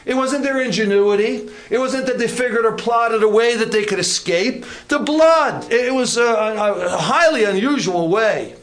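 A pastor delivers a sermon in a notably high voice, leaning on key words again and again. He slows down to stress his points and drops into casual asides. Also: fairly bright tone. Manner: deliberate, repetitive emphasis, folksy asides.

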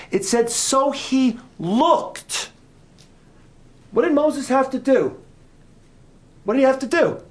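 A very high-pitched middle-aged man gives a sermon as a guest speaker, testing the audience with questions and shifting between gentle asides and loud, emphatic points.

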